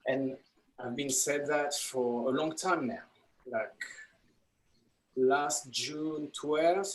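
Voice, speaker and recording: A man from France with a French accent doing a self-deprecating, halting stand-up set over a video call. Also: a little high, low-quality recording. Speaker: comedy workshop student. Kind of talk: stand-up comedy.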